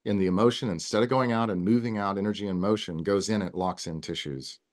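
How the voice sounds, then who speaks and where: This wellness guest on a casual podcast speaks fast, his voice low and darkish. Earnest and rambling, he goes on in long stretches and restarts himself frequently.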